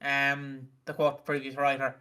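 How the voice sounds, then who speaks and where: A man's voice: medium pitch, monotone, normal speed, bright, forceful tone, smooth. A man from Britain co-hosting a podcast, joking casually with lots of hesitant ums while recapping a soap. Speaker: podcast co-host.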